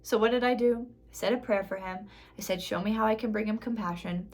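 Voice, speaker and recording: A woman's voice: mid-range voice, fairly quick, darkish tone. A woman in her thirties, a spiritual life coach, talking straight to her viewers in a casual motivational vlog, emphatic and dramatic and often laughing at herself.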